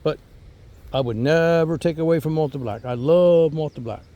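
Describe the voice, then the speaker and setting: A man's voice: fairly high pitch, moderate pace, dark tone, lo-fi sound. A man hosting a casual garden vlog outdoors, talking in an enthusiastic, rambling way and repeating words as he goes. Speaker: fig grower and channel host.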